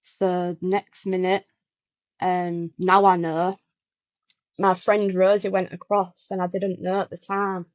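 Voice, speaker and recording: A woman's voice: fairly low pitch, flat delivery, slow pace, no echo, rough recording. Woman, guest musician, casual talker. Dry, close voice, rambling story with restarts. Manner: chatty, full of "like" and restarts.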